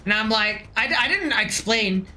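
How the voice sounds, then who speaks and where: A woman's voice: on the high side, expressive, measured pace, pushed and bright, rough recording. Profane, joking woman streamer. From United States. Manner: joking, profane, rambling asides. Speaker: live streamer. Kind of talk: casual live-stream chat while playing a game.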